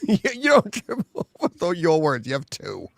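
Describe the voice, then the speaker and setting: A man hosting a podcast in casual chat, animated and laughing often as he talks. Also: fairly high pitch, normal speed, gravelly, no echo. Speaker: podcast host.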